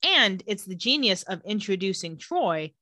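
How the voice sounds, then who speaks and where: A woman co-hosting a podcast, recapping a TV episode in casual, animated storytelling that is often broken up by laughter. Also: mid-range voice, moderate pace, no room sound, studio quality.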